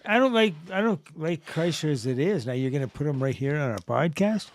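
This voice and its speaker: A young man co-hosting a comedy podcast, talking casually and often halting or restarting. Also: fairly high pitch, animated. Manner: hesitant, halting. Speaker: podcast co-host. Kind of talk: casual chat.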